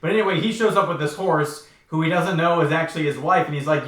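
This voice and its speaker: A man's voice: on the high side, fast talker, few pauses, fairly bright tone. A young man in his twenties giving casual, chatty book commentary, full of "like" and wry asides. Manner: chatty, heavy use of 'like', wry. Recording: echoey room.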